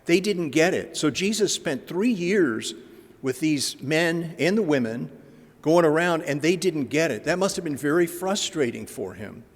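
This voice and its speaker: A man's voice: fairly high pitch, lively intonation, a little slow. A man giving a Lenten talk to a parish, conversational and full of filler words, acting out gospel dialogue as he goes. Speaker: guest speaker. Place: church. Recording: long church reverb.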